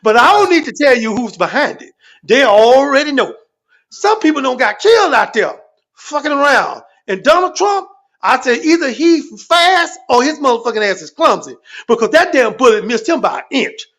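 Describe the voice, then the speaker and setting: A man with an unusually high-pitched voice holds forth on a livestream, spinning comic stories and rants. His delivery is animated and repetitive, and he swears freely in nearly every sentence. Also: normal speed. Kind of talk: profane storytelling rant.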